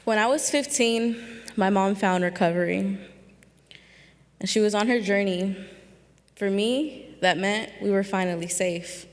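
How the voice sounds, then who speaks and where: A woman of twenty-one from California, telling a personal story on stage, emotional and close to tears, pausing often with ums. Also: medium pitch, long reverb tail. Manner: slow, halting, with many pauses and ums.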